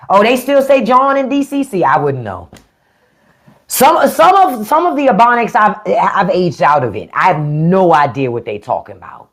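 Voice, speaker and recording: Woman, DC-area accent, middle-aged, fairly low voice, very lively pitch, profane live-stream host. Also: moderate pace. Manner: blunt, profane, animated. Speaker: podcast host. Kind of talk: casual live-stream chat. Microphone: phone or desk mic on a live stream.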